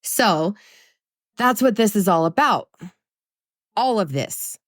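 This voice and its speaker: A woman's voice: medium pitch, animated, slow, no room sound, clean studio sound. A woman hosting a self-help podcast, talking in a blunt, profane, emphatic and self-mocking way. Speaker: podcast host.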